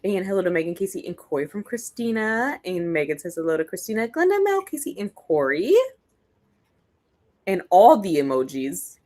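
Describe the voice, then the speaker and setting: A woman's voice: on the low side, sing-song, moderate pace, darkish tone. A young adult woman hosting a casual reading livestream, greeting chat viewers by name one after another and chatting about books and her pets. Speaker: readathon livestream host.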